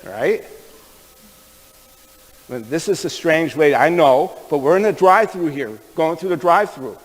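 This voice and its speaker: A man's voice: on the high side, expressive, unhurried, in a large hall, rough recording. A man preaching a sermon, telling stories in a folksy, conversational way and speaking directly to the men in the room. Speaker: pastor. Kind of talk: sermon storytelling.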